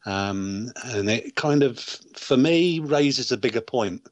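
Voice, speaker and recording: A man speaking in a measured, thoughtful way as a podcast panelist on a remote call. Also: mid-range voice, expressive, no echo, lo-fi sound. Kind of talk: casual chat.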